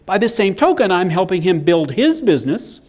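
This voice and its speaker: A man's voice: high-pitched, normal speed. A middle-aged man giving a business seminar, telling stories and acting out the quotes. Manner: animated storyteller acting out quotes. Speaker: business speaker. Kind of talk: live seminar presentation.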